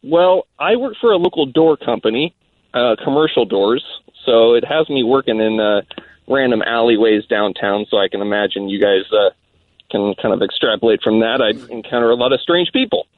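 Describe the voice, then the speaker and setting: A man's voice: medium pitch, animated, normal speed, no room sound. Male radio caller, hesitant storyteller, thin phone-line audio, dry. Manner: rambling, hesitant, many fillers.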